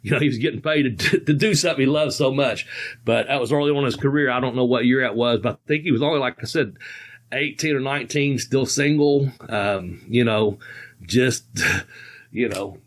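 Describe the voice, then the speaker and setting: A man's voice: mid-range voice, moderate pace. A man in his sixties, a podcast host, telling stories in a rambling, folksy way with frequent chuckles. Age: 60s. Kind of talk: casual storytelling.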